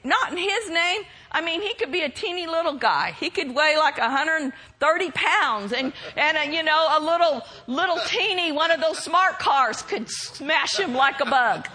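A woman preacher delivering a sermon, bold and emphatic, breaking into shouted declarations. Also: sits high, animated, moderate pace, hardly any pauses.

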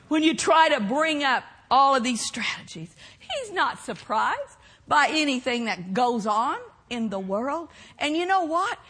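A woman preaching a sermon, animated, breaking into mocking laughter and shouts. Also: high voice.

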